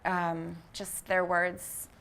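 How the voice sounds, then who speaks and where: A woman who founded a vegan fashion brand, talking as an interview guest in an earnest, reflective way and often pausing on fillers as she searches for words. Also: lowish voice, completely flat delivery, vocal fry, fairly bright tone. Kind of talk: casual reflective interview talk.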